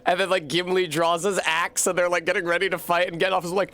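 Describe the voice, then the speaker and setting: A man's voice: high-pitched, little pitch movement, quick pace, bright, forceful tone. A man streaming a game, chatting casually in a profane, rambling way and laughing often. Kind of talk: casual gameplay chat.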